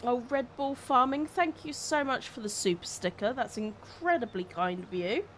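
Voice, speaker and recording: A woman's voice: a little high, lively intonation, moderate pace, a bit bright, a little hiss or hum. A woman, co-hosting a farming game livestream in friendly, casual chat and thanking viewers. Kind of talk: casual live-stream chat.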